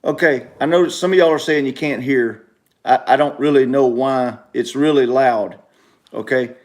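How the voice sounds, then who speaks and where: A man's voice: mid-range voice, normal speed, a little mellow. A middle-aged man, hosting a casual talk livestream from home and repeating his points emphatically. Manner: emphatic, repeats instructions to viewers. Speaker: talk show host.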